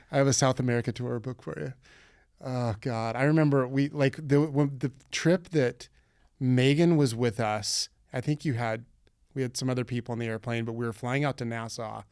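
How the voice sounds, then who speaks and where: A man hosting a relaxed podcast, telling aviation stories in detail and laughing along easily. His voice is smooth and clean, set at a middle pitch, and the recording is dry and close with no room sound. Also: moderate pace, no room sound. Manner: chatty, laughs often, recounts flights in detail. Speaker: podcast host and pilot. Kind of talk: casual podcast chat.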